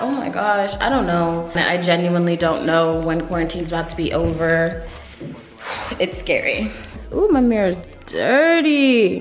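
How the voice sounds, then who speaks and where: A woman in her twenties chatting casually to camera in a home vlog, talking to her dogs at times. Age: 20s. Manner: chatty, talks to her dogs in a high sing-song voice. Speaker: vlogger. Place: home, bathroom and workout room.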